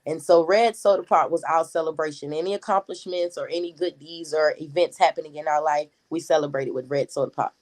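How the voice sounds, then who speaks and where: A woman in her thirties with a Gullah Geechee accent, a talkative community activist answering interview questions in a steady flow. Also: low voice, poor audio. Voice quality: talkative, words flow quickly.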